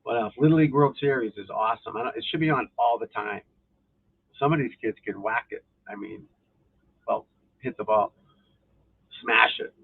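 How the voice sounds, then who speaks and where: A man's voice: medium pitch, normal speed, vocal fry, long pauses, husky. A man hosting a golf instruction live stream, rambling casually and swearing as he flips through channels and talks to viewers. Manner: loose, profane, talking to viewers while flipping channels. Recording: tinny phone-like audio.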